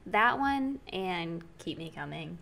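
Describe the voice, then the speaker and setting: A woman's voice: on the low side, expressive, slow pace, vocal fry, fairly bright tone. A young woman co-hosting a casual podcast, chatty and jokey, laughing often. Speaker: podcast co-host. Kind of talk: casual chat.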